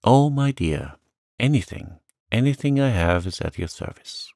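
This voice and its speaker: A man's voice: sits low, measured pace, creaky, no echo, clean studio sound. A man voicing a lonely, sweet little old lady who talks in a chirpy, eager, fluttery way.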